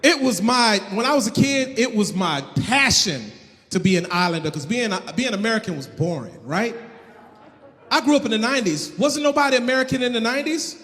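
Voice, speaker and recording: A man in his thirties performing live stand-up comedy, loud and animated, often shouting. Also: very high voice, a little fast. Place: comedy stage in Miami. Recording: live set with hall reverb.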